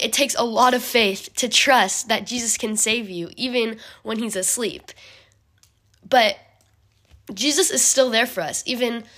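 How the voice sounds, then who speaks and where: A young woman giving a casual bible study talk, chatty and full of fillers, often clearing her throat. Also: fairly high pitch, fairly bright tone.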